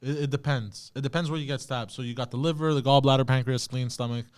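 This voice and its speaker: A man co-hosting a casual comedy podcast, who talks with halting pauses and restarts. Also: medium pitch, fairly even intonation, clear, resonant tone, no room sound. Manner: hesitant, reads aloud haltingly. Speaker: podcast co-host.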